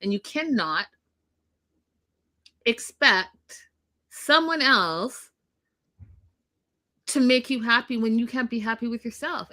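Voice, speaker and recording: A woman's voice: a little high, slow pace, pauses often, bright, forceful tone. A woman co-hosting a casual recap chat, talking in a blunt, emphatic way and swearing freely. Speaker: podcast co-host.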